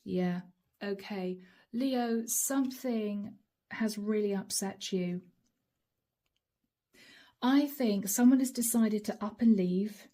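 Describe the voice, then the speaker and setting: A woman's voice: medium pitch, warm tone. A woman giving a channeled tarot reading, talking emphatically and repeating lines as she acts out imagined exchanges. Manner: dramatic, emphatic, repeats lines while acting out dialogue. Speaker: tarot reader.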